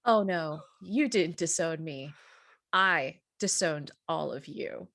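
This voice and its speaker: A woman's voice: low-pitched, animated, takes it slowly, fairly bright tone, dry recording, studio quality. A woman player in a tabletop role-play game who describes her character's moves with frequent giggles. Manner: giggly, laughing through her plans.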